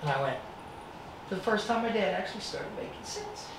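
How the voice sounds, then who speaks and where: This guest speaker's voice is high and his pace brisk as he motivates students with his life story, animatedly acting out scenes. He speaks in a presentation room, recorded from afar in an echoey space with a noisy background.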